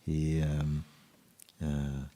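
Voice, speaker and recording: A man, a spiritual teacher, telling a story gently at a retreat, with soft, trailing endings. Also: very deep voice, completely flat delivery, very slow, in a large hall. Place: retreat hall.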